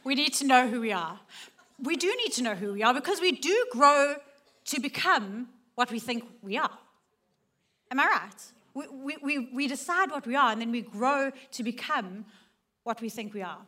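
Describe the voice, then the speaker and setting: A middle-aged woman speaks to a church gathering, earnest and personal. Her voice sits fairly high and rings bright and forceful. She moves from loud, laughing lines to soft, hushed ones. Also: expressive, moderate pace. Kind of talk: personal testimony talk.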